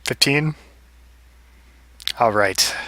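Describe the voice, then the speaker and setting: A man runs a tabletop game in a loose, chuckling way. He speaks slowly, and his voice is bright and forward. The mic is close and dry. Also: medium pitch, no room sound. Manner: relaxed, chuckling, loose narration with fillers. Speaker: game master.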